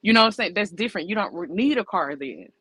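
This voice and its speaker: A woman co-hosts a casual podcast, her voice bright and sharp. She talks bluntly and emphatically, counting off her points like a list. The sound is dry and close. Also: mid-range voice, animated, fast talker, husky, no room sound, low-quality recording. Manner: blunt, emphatic, breaks points into numbered lists. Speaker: podcast co-host. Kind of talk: casual opinionated chat.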